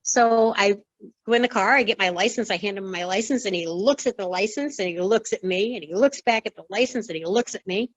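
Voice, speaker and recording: A woman's voice: medium pitch, fairly quick, highs cut off. A woman in her sixties, a former wrestling referee, telling her story in an interview and acting out the other people's lines. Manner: lively storyteller who acts out quoted dialogue. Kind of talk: conversational storytelling.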